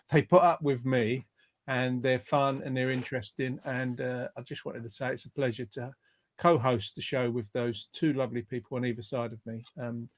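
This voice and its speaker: A man's voice: mid-range voice, steady tone, normal speed. A man hosting an online show over a video call, reading out viewer comments in a chatty, rambling way, often restarting his sentences. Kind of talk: casual live-stream chat, reading out viewer comments.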